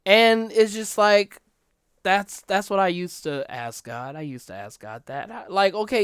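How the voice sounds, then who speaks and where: A podcast host ranting about something personal, swinging from quiet near-whispers to loud outbursts and often repeating phrases. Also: medium pitch, lively intonation, clear, resonant tone, dry recording, studio quality. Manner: repeats phrases, halting restarts. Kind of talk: emotional personal rant.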